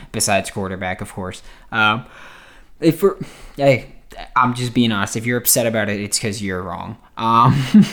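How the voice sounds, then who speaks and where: A man's voice: on the low side, a bit bright. A young man hosting a sports podcast, reading ads and ranting in a loose, rambling way, often breaking off to laugh at himself. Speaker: podcast host. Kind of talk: casual sports podcast monologue with ad reads.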